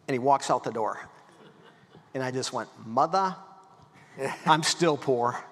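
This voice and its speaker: A middle-aged man telling lively stories as a guest speaker, acting out the voices of people in them. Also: on the high side. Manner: folksy, animated storytelling, acts out quotes. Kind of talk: storytelling talk. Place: event hall. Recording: long hall reverb.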